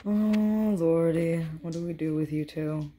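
In a mellow, low-sitting voice and a slightly slow pace, a young woman talks to her cats while filming them on her phone at home. Her chat is casual, playful sing-song baby talk.

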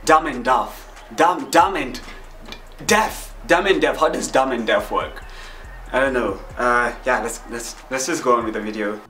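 A man's voice: mid-range voice, a little slow, sharp tone. A man hosting a reaction video, casual, joking and self-deprecating, who swears a lot. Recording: roomy, distant mic with music.

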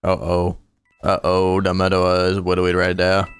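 A man's voice: low-pitched, completely flat delivery, moderate pace, smooth, no room sound, soft background music. A man hosting a casual gaming livestream, chatting playfully and reading out donations. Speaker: livestream host.

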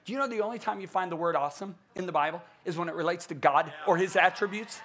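A middle-aged man preaching a conference sermon, emphatic and animated, acting out quotes in different voices. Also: fast. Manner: animated, emphatic, acts out quotes with big pitch swings.

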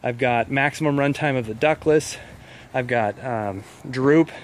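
A man's voice: mid-range voice, unhurried, a little hiss or hum. A man giving a casual walkthrough of a home install, chatty and a little out of breath, explaining as he walks. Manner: chatty, explains on the move with many fillers. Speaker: heating contractor giving a walkthrough. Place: house, indoors and outdoors.

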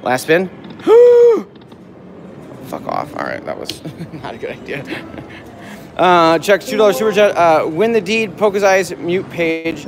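A foul-mouthed man streams his gambling from a casino floor and talks casually to his viewers. His pitch leaps up and down as he yells at the reels, and loud slot machine music plays behind him. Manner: excitable, profane, yells at the machine. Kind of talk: casual live-stream chat.

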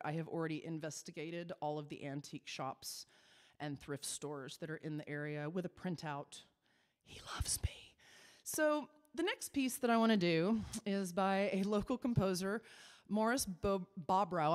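Chatty cabaret singer with reverb. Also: female voice, fairly low pitch, moderate pace. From Texas. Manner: chatty, self-mocking storyteller. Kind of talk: stage patter between songs.

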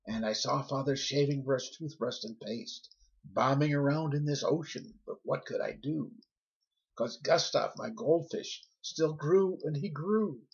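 A man reads a rhyming children's story aloud, keeping a lively, rhythmic beat. His voice is gravelly and very husky. The recording sounds dull and lo-fi. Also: medium pitch, a little slow.

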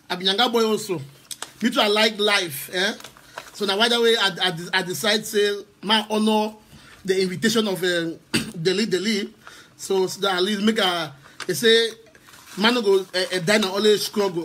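A man's voice: sits high, pushed and bright. A Cameroonian man with a Cameroonian accent, talking casually on a livestream as an activist guest, hesitant and repeating words as he switches between English and Pidgin.

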